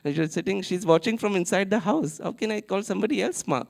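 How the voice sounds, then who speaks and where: A man voicing a playful little boy in a sermon story, in a gentle, innocent way. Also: sits high, fast, creaky, voice pushed up. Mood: worried.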